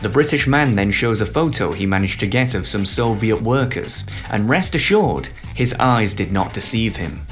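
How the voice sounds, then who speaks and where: A man's voice: fairly low pitch, lively intonation, normal speed, hardly any pauses, soft background music. A man narrating a comedic commentary video in a sardonic, theatrical way. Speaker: video essayist.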